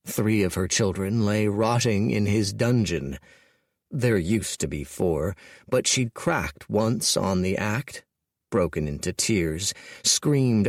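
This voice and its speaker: A man narrating an audiobook in a wry, measured storytelling manner. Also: fairly low pitch, no room sound, studio quality.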